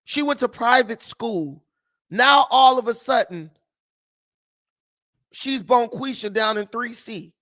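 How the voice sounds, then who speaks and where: A man's voice: very high-pitched, animated, takes it slowly, pauses often, bright, forceful tone. A man hosting a political commentary vlog, talking in mocking, scornful asides. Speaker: commentary host.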